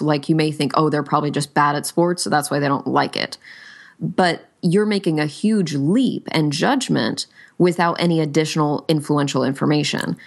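A woman coach answering interview questions, explaining with lively acted-out example quotes. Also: deep voice. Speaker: guest, sales coach.

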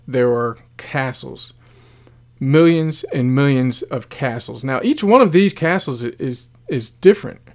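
Male motivational speaker, earnest storytelling delivery with deliberate pauses. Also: mid-range voice. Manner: earnest, slow, dramatic pauses. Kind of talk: storytelling narration.

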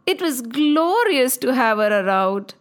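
A woman narrating a children's story in an animated, sing-song way. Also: high-pitched, a little slow.

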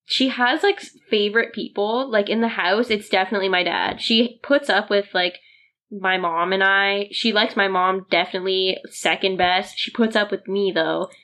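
A woman with a mid-range, sharp-toned voice chats casually at a moderate pace. Giggly and talkative, she tells stories about her dog and voices what it's thinking.

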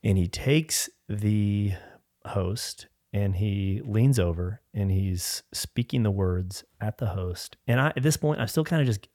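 Low-voiced man telling a rambling story. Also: measured pace, mellow, dry recording, clean studio sound. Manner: rambling storyteller, frequent "like" and restarts. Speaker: podcast guest. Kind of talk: casual faith testimony.

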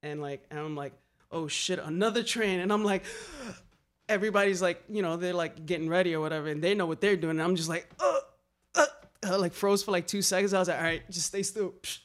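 Animated slangy New man telling stories. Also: sits high, a little fast. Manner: animated, swearing, slangy, acts out quotes. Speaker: graffiti writer telling stories. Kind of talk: casual storytelling.

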